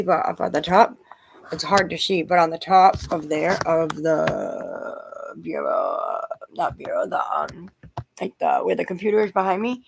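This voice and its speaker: A woman in her forties speaks in a low, gravelly voice with a husky edge. She rambles through a personal vlog, venting and often breaking off to restart her sentences. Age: 40s. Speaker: vlogger.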